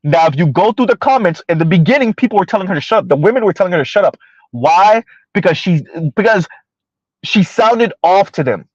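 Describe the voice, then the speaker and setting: A man's voice: high-pitched, lively intonation, no room sound, muffled recording. Man talking straight to his viewers. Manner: addresses viewers directly, slows down to stress points; refers to himself in the third person. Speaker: livestream host reading chat comments. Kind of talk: casual livestream commentary.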